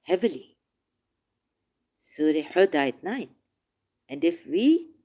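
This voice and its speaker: With a fairly low-pitched voice, a woman hosting a casual livestream reads scripture aloud and responds emotionally, veering from quiet musing into emphatic bursts.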